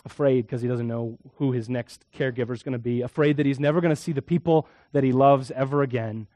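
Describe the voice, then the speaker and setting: Pastor preaching, hushed to emphatic. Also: male voice, mid-range voice, quick pace, no room sound. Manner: storytelling, swings from hushed to emphatic. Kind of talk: sermon.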